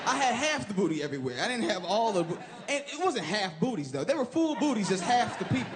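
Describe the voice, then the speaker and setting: A man from Chicago performing an animated, profane stand-up set on a comedy stage, shouting his punchlines. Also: high-pitched, quick pace. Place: comedy stage before a laughing live audience. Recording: loud live room noise.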